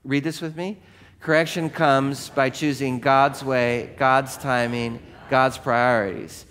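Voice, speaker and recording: A middle-aged man preaches from a church stage, talking to the congregation as if chatting with them. His voice sits at an ordinary pitch for a man. He keeps asking the room questions and acts out the voices in his stories. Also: fairly even intonation, slow, a bit bright, smooth. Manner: conversational, asks the congregation questions, acts out quoted voices in anecdotes. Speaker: pastor. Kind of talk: sermon.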